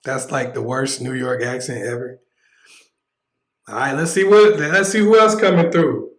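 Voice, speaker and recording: A man's voice: medium pitch, steady tone, a little slow, echoey room, low-quality recording. A man hosting a casual livestream, talking bluntly and joking as he preaches his point. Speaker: livestream host.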